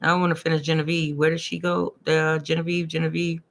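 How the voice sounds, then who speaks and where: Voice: mid-range voice, little pitch movement, fairly quick, gravelly. A tarot and numerology reader talking casually to live-stream viewers, chatty and repetitive, tripping over hard words and laughing at their own slips.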